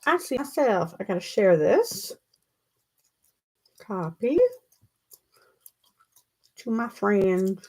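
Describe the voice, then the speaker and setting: A woman's voice: mid-range voice, drawn-out words, pauses often, rough recording. A middle-aged woman, a mindset coach, hosting a casual live stream at her computer. She rambles and laughs at herself while chewing gum, talking into a desk mic. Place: at a table with her computer, indoors. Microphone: plug-in desk mic.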